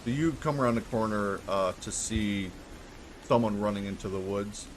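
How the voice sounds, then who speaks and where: A man's voice: lowish voice, normal speed, a little hiss or hum. A man narrating a tabletop game as game master, in a casual, hesitant way with many fillers.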